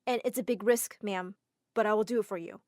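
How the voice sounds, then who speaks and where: A woman's voice: medium pitch, fairly even intonation, fairly quick, darkish tone, dry recording, studio quality, natural voice. A woman voicing a nervous, polite young assistant. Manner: deferential, keeps saying ma'am.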